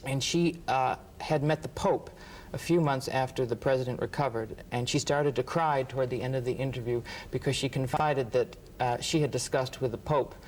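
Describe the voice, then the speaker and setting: A man, a writer and interview guest, telling lively anecdotes and acting out what others said. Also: medium pitch, a little hiss or hum, rough recording. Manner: animated, acts out quotes, laughs often. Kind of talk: anecdotal storytelling.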